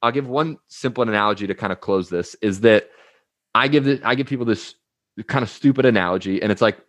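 A man's voice: mid-range voice, dry recording. A young man, a coach, talking casually as an interview guest, telling stories and acting out quotes with energy. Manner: energetic storyteller, uses anecdotes and acted-out quotes.

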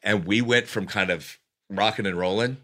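Lively storytelling man, low voice. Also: normal speed. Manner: lively narrator with frequent restarts. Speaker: guest. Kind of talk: animated personal storytelling.

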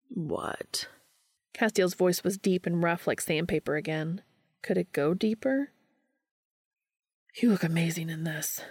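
A woman narrating a fan fiction audiobook in a steady, unhurried storytelling manner. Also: on the low side, gravelly, no room sound, studio quality.

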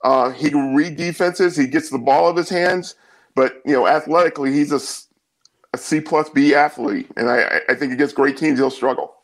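A man giving his take on football as a guest analyst, measured, with many fillers and repeats. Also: a little high, low-quality recording. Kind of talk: casual sports talk.

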